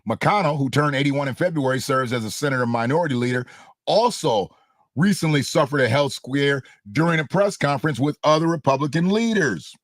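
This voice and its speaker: A man's voice: mid-range voice, animated, fairly quick, dry recording, studio quality. A man hosting casual political commentary, blunt and slangy, mocking and repeating phrases for emphasis. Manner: blunt, slangy, mocking, laughs at own jokes. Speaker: host.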